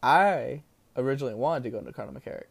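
A man's voice: medium pitch, fast talker, vocal fry, breathy edge. A young man from New Jersey telling a story in a casual, profane rant that swings between outbursts and asides. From New Jersey, USA. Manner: profane, animated ranting.

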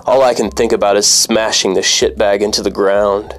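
A man's voice: lowish voice, fairly even intonation, moderate pace, faint music behind. A man, a former cab driver, narrating a personal story in a bitter, profane, wry manner.

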